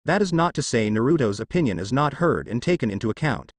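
A man's voice: mid-range voice, expressive, fast, dry recording, close to an everyday voice. A man voicing a stern, commanding elderly male village leader in a fan fiction reading. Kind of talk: fan fiction read-aloud.

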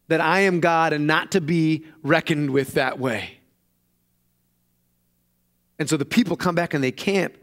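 A man preaching a sermon in an animated storytelling manner. His voice sits a little higher than most men's, and it climbs even higher whenever he acts out the people in the story he is retelling. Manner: animated storytelling, acting out quoted voices with raised pitch. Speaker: pastor. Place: church.

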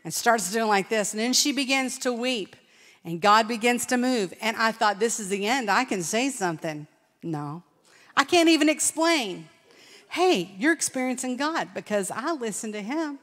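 A middle-aged woman telling a personal testimony at a conference, lively and storytelling, acting out what people said. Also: on the high side, moderate pace. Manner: animated storytelling with laughs and acted-out quotes. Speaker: conference speaker. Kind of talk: testimony sermon. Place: large church hall. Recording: long hall reverb.

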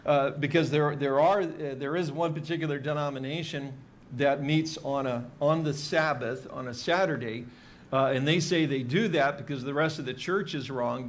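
A man teaching a Bible passage in a relaxed, chatty sermon style, with many fillers and dry jokes. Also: medium pitch. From Hawaii. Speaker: pastor teaching a Bible study.

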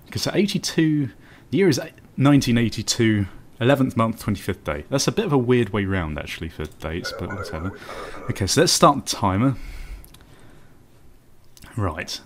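A man hosting a let's play video, chatty and self-mocking with quick asides. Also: medium pitch, very animated. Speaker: gaming channel host.

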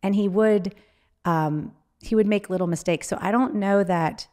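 An author being interviewed speaks candidly and emotionally, often halting and restarting her sentences. Her voice is medium-pitched with a darkish tone.

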